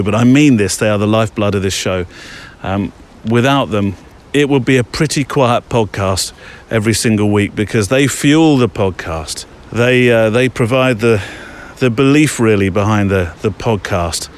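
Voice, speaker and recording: A man hosting a podcast while walking outdoors through woodland, talking in a casual, rambling way with lots of fillers. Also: medium pitch. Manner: chatty, rambling with many fillers. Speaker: podcast host.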